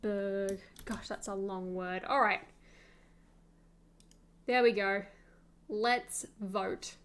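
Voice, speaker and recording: A young woman streaming, chatting casually and thinking aloud with soft laughs. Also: medium pitch, steady tone, drawn-out words.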